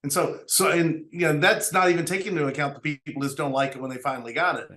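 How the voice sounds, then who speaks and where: Earnest storytelling businessman, higher voice. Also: steady tone, fast, pushed and bright. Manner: earnest, tells stories with quoted dialogue. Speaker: business owner, interview guest. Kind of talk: storytelling interview talk.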